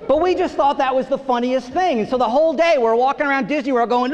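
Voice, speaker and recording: A man's voice: very high voice, quick pace, few pauses, big-room sound, muffled recording, a faint crowd. A middle-aged man from Long Island telling family stories in a stand-up set on a theater stage. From Long Island, New York. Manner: lively storytelling, acting out voices. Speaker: stand-up comedian.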